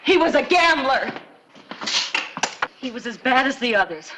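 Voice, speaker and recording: An actress playing the sister of a dying young outlaw, pleading and defiant in a 1950s TV western. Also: female voice, sits high, big pitch swings, unhurried, noisy background.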